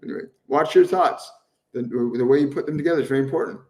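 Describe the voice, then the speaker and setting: A man hosting a live stream as a spiritual medium, answering viewers' questions in a gentle, earnest way and repeating phrases over and over for emphasis. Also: medium pitch, fast, far from the mic. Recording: roomy echo, voice somewhat off-mic.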